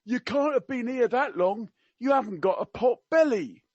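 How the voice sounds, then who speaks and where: A man putting on a blunt, tactless elderly gentleman with an attempted Cockney accent, his pitch pushed up for the quips. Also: animated, moderate pace, husky, dry recording, dull audio, full character voice. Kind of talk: comic impression in a podcast reading.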